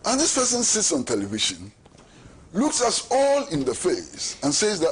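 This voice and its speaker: Ghanaian male talk-show host, middle-aged, high voice, hammers home rhetorical questions. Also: wildly swooping pitch, moderate pace, slight background noise. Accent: Ghanaian English. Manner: emphatic, repeats rhetorical questions. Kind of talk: political commentary.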